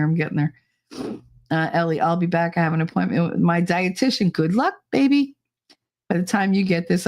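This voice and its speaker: A middle-aged woman hosting a live podcast stream, chatting casually with viewers, teasing and swearing, often laughing. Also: fairly low pitch. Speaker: livestream podcast host.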